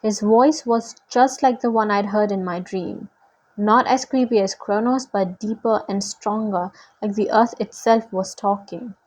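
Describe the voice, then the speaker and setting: A woman reading a novel aloud in a steady, deliberate way. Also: mid-range voice, rough recording. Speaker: reader.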